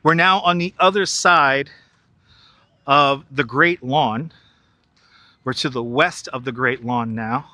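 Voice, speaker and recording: New guy live-streaming a park walk, chatty, super bright voice, dry close clip mic. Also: mid-range voice, takes it slowly, pauses often, no room sound. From New York. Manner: chatty, reads out viewer chat, laughs easily. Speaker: live-streaming tour guide. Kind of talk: casual live-stream walking tour. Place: outdoors in a large city park. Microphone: wireless clip-on mic.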